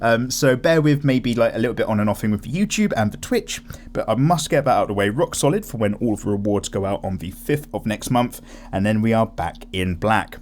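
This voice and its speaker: A young man hosting an art channel, rambling and animated in casual chat while drawing. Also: fairly low pitch, fairly quick, slight background noise. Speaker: YouTube art channel host.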